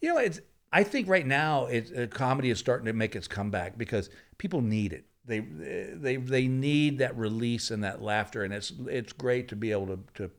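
A man speaking in a studio as a comedian guest, spinning long anecdotes at a mid-range pitch. He slips into the voices of the people in his tales as he tells them. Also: moderate pace. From Texas. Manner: animated storyteller who acts out the people in his stories. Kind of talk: anecdotal storytelling.

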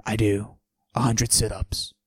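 A man doing a cocky macho guy with a forced deep whisper. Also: measured pace, no echo. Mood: swaggering. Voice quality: forced low gravelly voice, often whispered. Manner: boastful, deadpan absurd bragging. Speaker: podcast host. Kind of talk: comic character monologue.

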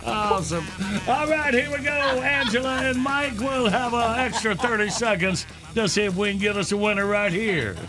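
A man's voice: very high voice, normal speed, music in the background. A man hosting a word game on a radio show, with upbeat game-show patter and frequent laughter.

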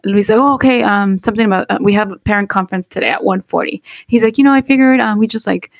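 A woman's voice: mid-range voice, fast talker, vocal fry, dry recording, studio quality. A woman in her thirties, co-hosting a casual podcast, chatty and thinking aloud with many fillers. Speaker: podcast co-host. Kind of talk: casual chat.

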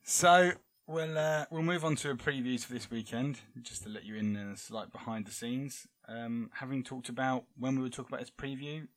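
A man's voice: medium pitch, normal speed, hardly any pauses. A man hosting a casual podcast, hesitant, with many fillers and laughs. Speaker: podcast host.

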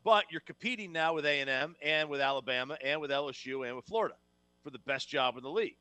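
A man from New Jersey co-hosting a casual sports talk show, emphatic and quick to restart his sentences. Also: fairly high pitch, bright, forceful tone, clear, resonant tone, no echo. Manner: emphatic, repeats words when starting sentences. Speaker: sports radio co-host.

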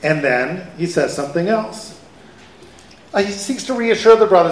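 Rabbi guy teaching a torah class, pretty high voice, chatty, keeps quizzing the crowd. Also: moderate pace. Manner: animated, conversational, asks the audience questions. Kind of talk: live Torah lecture to an audience. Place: event hall with an audience. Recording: echoey hall.

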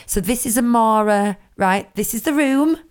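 A woman's voice: a little high, moderate pace. A woman co-hosting a podcast, chatting casually and acting out quotes as she tells stories. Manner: chatty, animated storytelling with acted-out quotes. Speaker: podcast co-host. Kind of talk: casual chat.

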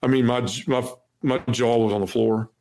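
A man in his forties, guesting on a podcast, talks at a normal speed with a medium-pitched, dark voice and fairly even intonation. His earnest testimony is dotted with "you know," and he acts out what others said.

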